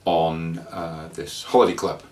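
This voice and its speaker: A man with a fairly low voice talks through a travel story in a loose, rambling way, stopping often on fillers and restarting his sentences. He sits a little back from the microphone, so his voice sounds somewhat distant. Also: flat delivery, unhurried. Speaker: traveller sharing scam warnings. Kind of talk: casual spoken anecdote.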